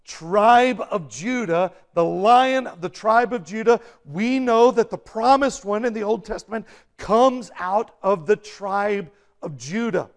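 A man preaching a sermon in a high, gravelly voice. He speaks slowly and leaves room between phrases. His delivery is emphatic and now and then builds to an intense burst. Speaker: pastor.

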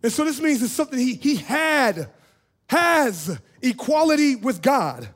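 A man preaches a sermon in a strikingly high voice. He swings from near-shouts down to hushed lines, repeating short phrases for weight and breaking into laughs. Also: sing-song, measured pace. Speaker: pastor.

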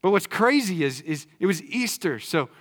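In a church sanctuary, a male pastor delivers a sermon at a moderate pace. His conversational delivery swings between quiet, low-key emphasis and loud excitement.

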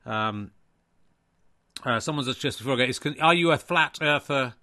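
A man hosting and commentating on a comic snooker stream in a deadpan, rambling way. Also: mid-range voice. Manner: deadpan, rambling, quick asides. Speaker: comedy host and snooker commentator.

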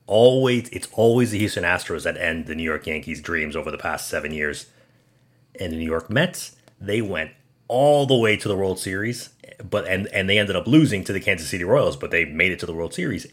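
Very low-voiced male podcast host. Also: a bit bright. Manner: chatty, rambling with self-corrections. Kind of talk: casual solo podcast monologue.

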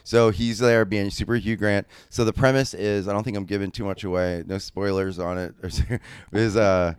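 A man's voice: fairly low pitch, moderate pace, clean tone, dry recording. Chatty, foul-mouthed man telling a story. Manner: animated, profane, rambling with many fillers. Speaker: podcast co-host. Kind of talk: casual storytelling.

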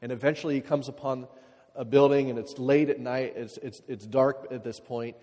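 A man preaching in a relaxed, conversational way, full of likes and you-knows, who sometimes sinks into hushed reflection. His voice sits at an ordinary middle pitch for a man. A long reverb trails behind him in a big hall. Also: moderate pace. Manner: conversational, many fillers, drops to quiet reflective passages. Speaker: pastor. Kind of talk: sermon.

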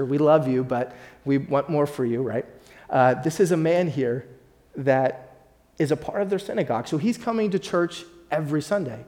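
A man's voice: mid-range voice, warm tone. A man as pastor, preaching a sermon and speaking directly to his congregation with rising emphasis.

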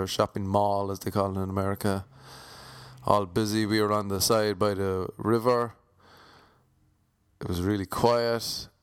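With a smooth, somewhat low voice, a man from Cork, Ireland, tells a comic story in a rambling monologue. He speaks with an Irish accent, correcting himself and tossing in wry asides.

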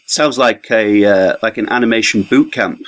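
Lower-voiced male interviewer. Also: normal speed, low-quality recording. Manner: brief reactions, questioning. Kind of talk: interview questions.

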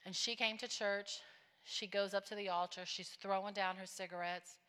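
A woman preacher giving a testimony sermon, telling her story plainly and rising into loud, fervent preaching. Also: mid-range voice, steady tone, moderate pace, smooth, big-room sound. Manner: storytelling, drops to a hush, then builds to loud preaching.

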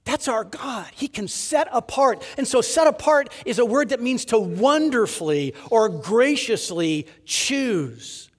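A man delivers a sermon in a fairly high voice that climbs and falls with great liveliness. He pushes hard on key words, then sinks to hushed, almost whispered endings. He leans on rhetorical questions and repeats words for emphasis. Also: a little slow, few pauses, in a large hall. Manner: animated preaching, rising to emphasis then dropping to near-whispers. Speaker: pastor.

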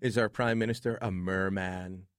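A man's voice: deep voice, steady tone, normal speed, clear, resonant tone, dry recording, studio quality, soft background music. A man hosting talk radio in a sarcastic, joking way. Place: radio studio.

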